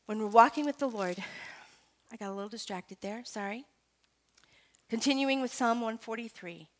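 A woman giving a devotional Bible teaching talk in a conversational, animated way, moving from soft scripture reading to loud emphatic asides. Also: on the high side, normal speed. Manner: conversational, self-correcting.

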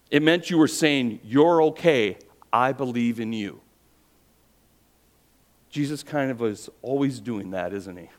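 A pastor preaching a sermon, telling a story with rhetorical questions and dropping his voice quiet for emphasis. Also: mid-range voice.

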